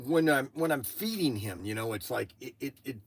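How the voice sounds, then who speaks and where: An older man hosting a livestream, telling a family story in a halting, rambling way full of restarts and asides. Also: mid-range voice, lively intonation, husky. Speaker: livestream host.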